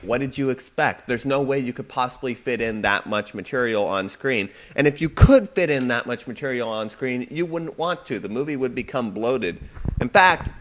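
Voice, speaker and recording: A young man vlogging from a computer at home, talking about a film he has just seen. His pitch sits mid-range but swings a lot. He rambles and wanders off topic in a casual, chatty review. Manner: rambling, animated, sidetracked. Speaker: video blogger. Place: home room at parents' computer.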